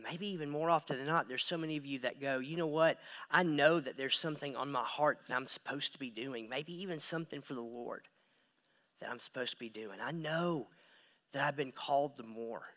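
Bright-toned pastor preaching with swings in volume. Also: male voice, mid-range voice, fairly quick. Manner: swings between hushed asides and loud emphatic build-ups. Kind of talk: sermon. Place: church stage.

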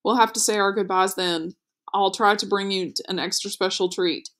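A curious, kind little boy speaks in a storybook reading, as a woman reads his lines. His voice is eager and questioning, only slightly brighter than the narration. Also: mid-range voice, fairly even intonation, normal speed, close to an everyday voice. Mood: wistful.

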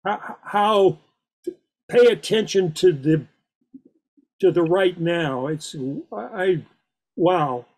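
High-pitched, hesitant man in a discussion. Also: extremely slow, pauses often, darkish tone, poor audio. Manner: hesitant, stammering restarts. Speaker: discussion participant. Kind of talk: casual group discussion.

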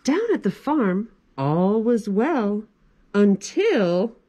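A woman's voice: mid-range voice, lively intonation, extremely slow, warm tone. A woman in her forties, a children's librarian, reading a picture book aloud in a library with chatty asides to kids. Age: 40s.

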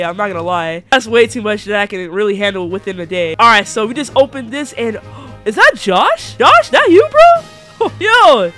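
A young man commentating his own gameplay in casual slang, stammering and repeating himself, bursting into shouts and laughs at big wins. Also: very high-pitched. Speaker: gaming YouTuber.

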